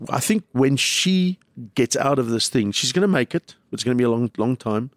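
As a podcast guest, a male comedian talks emotionally and ramblingly, jumping from thought to thought. His mid-range voice has lively intonation at a normal speed, with no echo.

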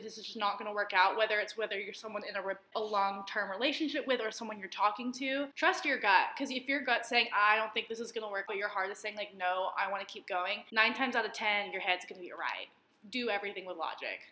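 A woman's voice: mid-range voice, quick pace, bright, forceful tone, reverberant. Blunt, fired-up young woman podcaster. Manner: blunt and passionate, swears freely. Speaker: podcast co-host. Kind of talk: casual podcast chat.

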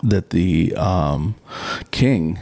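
Deep gravelly-voiced man telling a story. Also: very slow. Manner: animated storyteller who acts out quoted lines; chatty and informal. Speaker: podcast co-host. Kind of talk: casual conversational Bible teaching.

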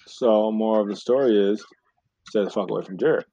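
A man with a mellow, darker voice who drops wisecracks and swears freely in relaxed podcast talk. His pitch sits in the middle for a man. The sound is muffled and lo-fi. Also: fairly quick, slightly rough. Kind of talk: casual podcast chat.

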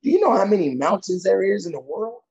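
A man's voice: high voice, very animated, fast talker, gravelly, a little mellow, dull audio. A man who works as a coach, talking bluntly and emphatically in a conversation and giving tough-love advice. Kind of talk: podcast conversation.

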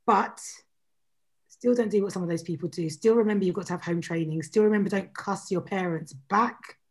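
A woman who is a regular on a podcast panel gives earnest, caring advice. Her voice is husky and slightly breathy. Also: medium pitch, a little fast. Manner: earnest, advising. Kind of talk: casual panel chat.

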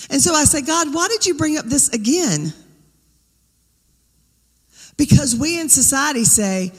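A woman's voice: medium pitch, in a large hall. A woman preaching a sermon, talking conversationally and firing rhetorical questions at the congregation. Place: church sanctuary.

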